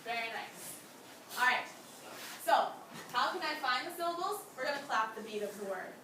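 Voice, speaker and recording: A woman's voice: high voice, expressive, normal speed, pushed and bright. A young woman teaching a class, who encourages her students and asks them many questions. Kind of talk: classroom lesson. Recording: echoey room from far off, background noise.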